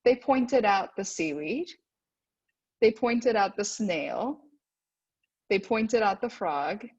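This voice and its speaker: A woman's voice: medium pitch, animated, takes it slowly, a little mellow, husky. A woman giving a presentation to parents as a guest speaker at a school. She often checks in with "right?" and acts out the voices she quotes. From United States. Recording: dull lo-fi sound.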